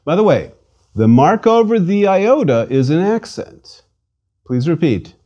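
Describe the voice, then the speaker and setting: A man teaching a scripted lesson at an unhurried pace, spelling words letter by letter and pausing for listeners to repeat. His voice is mellow and rises and falls in a lively way. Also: a little high, highs cut off. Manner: slow, patient, enunciates each letter and syllable. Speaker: language instructor.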